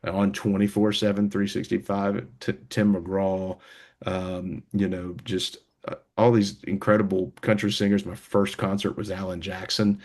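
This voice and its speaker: Man, low voice, young adult, band member, casual interview chat, rambling with fillers. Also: little pitch movement, moderate pace, a little mellow. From United States. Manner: rambling, many fillers and restarts.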